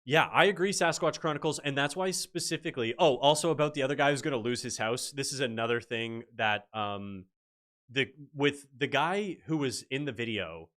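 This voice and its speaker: Animated man hosting a livestream. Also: mid-range voice, moderate pace. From Canada. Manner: animated storyteller reading chat aloud. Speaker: livestream host. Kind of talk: casual livestream commentary.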